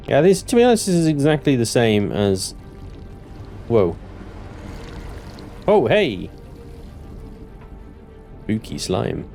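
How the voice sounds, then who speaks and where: Man narrating his game, jumpy and joking. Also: deep voice. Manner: thinks aloud, swings into panicked yelling and joking curses. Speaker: gaming channel host. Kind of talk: let's-play commentary.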